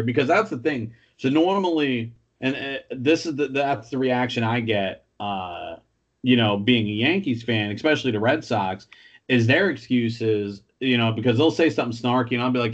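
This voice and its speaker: A man's voice: mid-range voice, normal speed. Man, sports co-host, casual, swears a lot, storytelling, dull lo-fi sound.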